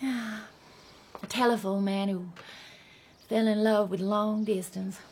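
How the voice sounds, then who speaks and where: A woman's voice: mid-range voice, steady tone, slow pace, a little mellow, a little hiss or hum. An actress playing a faded, chatty Southern belle mother in middle age, with a Southern accent and a genteel, rambling manner. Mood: gushing. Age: middle-aged. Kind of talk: stage drama acting.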